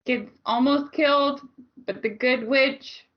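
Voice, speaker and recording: A woman's voice: sits high, takes it slowly, lo-fi sound. A woman co-hosting a podcast, recapping a movie in a casual, blunt way and laughing often. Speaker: podcast co-host.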